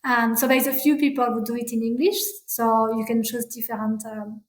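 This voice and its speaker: A guest who works as a parental burnout practitioner, a woman with a French accent, answers an interviewer in a high, bright voice with flat delivery. She speaks haltingly, restarting sentences and filling pauses with ums, and her voice rings noticeably in an echoey room.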